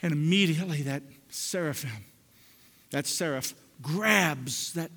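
Male pastor preaching, high voice, dynamic swings from hush to loud, church reverb. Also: unhurried. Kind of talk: sermon. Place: church sanctuary.

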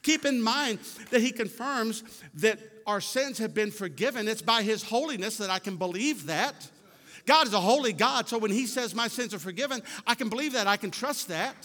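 A man's voice: high voice, lively intonation, moderate pace, fairly bright tone. A man preaching a sermon in a church, emphatic and folksy, repeating words for stress. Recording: long hall reverb.

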